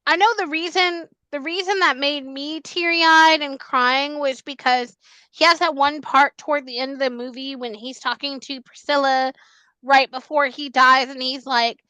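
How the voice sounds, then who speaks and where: Female podcast host, emphatic and animated, high tense voice, dry close sound. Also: normal speed, no echo, poor audio. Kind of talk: casual podcast chat.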